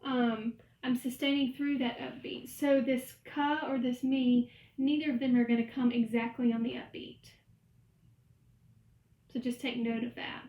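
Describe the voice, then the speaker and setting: A woman's voice: fairly high pitch, flat delivery, measured pace, dark tone. A woman music teacher giving a recorded lecture, explaining rhythm step by step and chanting the syllables. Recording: echoey room.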